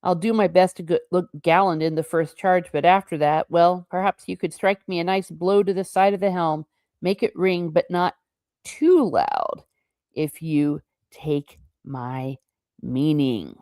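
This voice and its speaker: A woman's voice: on the low side, a little slow, darkish tone, dry recording. A woman voicing an idle young prince who drinks, speaking sourly and with dry self-mockery. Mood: wry. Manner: sour, dry, self-mocking. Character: idle drunken young prince, sour and wry.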